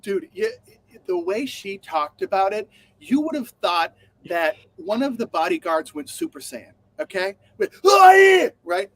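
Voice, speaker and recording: A man's voice: sits high, lively intonation, normal speed. A man co-hosting a podcast, chatting animatedly, swearing and acting out quotes in funny voices. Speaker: podcast co-host. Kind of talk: casual news chat.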